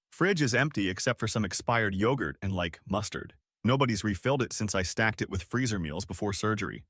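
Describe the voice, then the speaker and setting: A man tells a first-person story in a casual, conversational way, his pitch moving freely up and down. The recording is dry and close, with no room sound around the voice. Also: a bit bright, no room sound. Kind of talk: reading a first-person online story aloud.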